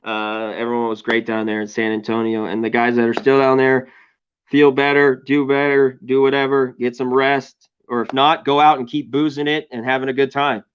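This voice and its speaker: A man hosting a sports betting show, chatting loosely and joking, with a voice going hoarse. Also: medium pitch, level tone, moderate pace, highs cut off. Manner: loose, joking, lots of shout-outs. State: losing his voice. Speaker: sports betting podcast host. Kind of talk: casual sports betting chat.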